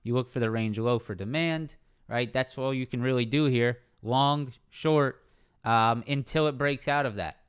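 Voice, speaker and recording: A young man talks through stock charts on a live trading stream. His voice is smooth and clear, and his pitch sits mid-range. He speaks casually, keeps repeating key levels and keeps checking in with "right?". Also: moderate pace. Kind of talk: live market analysis stream. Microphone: streaming microphone.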